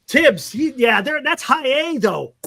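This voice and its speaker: A man's voice: very high-pitched, very animated, unhurried, gravelly, sharp tone. A man hosting a casual postgame fan talk show, frank and rambling, stumbling over player names as he reads stats. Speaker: fan podcast host.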